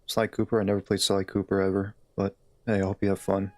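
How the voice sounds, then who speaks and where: A man's voice: low voice, monotone, quick pace, dry recording. A man live-streaming a game, chatting in a laid-back, easygoing way with his viewers. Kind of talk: casual live-stream chat.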